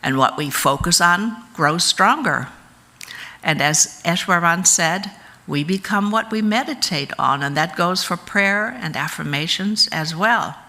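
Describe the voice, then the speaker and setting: A low-pitched woman speaks slowly and gently, teaching a congregation in a measured, unhurried way. Her tone is bright and clear despite the low register, and she gives each phrase room to settle. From United States. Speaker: speaker at a church service.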